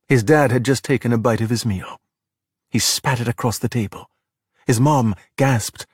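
A middle-aged man reading a children's storybook aloud in a steady, plain way. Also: mid-range voice, moderate pace, breathy edge, no echo, clean studio sound. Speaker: narrator.

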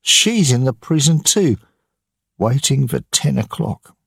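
A man's voice: medium pitch, sing-song, takes it slowly, gravelly, slightly rough, dry recording, clean studio sound, pitched above the performer's own voice, exaggerated voice. A man voicing a townswoman in an audiobook reading, explaining plainly. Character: townswoman answering a question.

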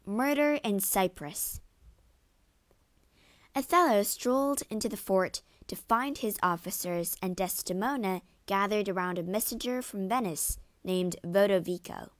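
Slow storybook narrator, woman. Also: mid-range voice, dry recording.

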